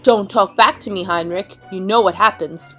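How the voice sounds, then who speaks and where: A woman's voice: mid-range voice, moderate pace, bright, forceful tone, faint music behind, voice pushed down, lightly acted. A woman doing a bossy haunted-house lady. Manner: impatient, ordering a servant around. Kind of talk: toy play story voicing.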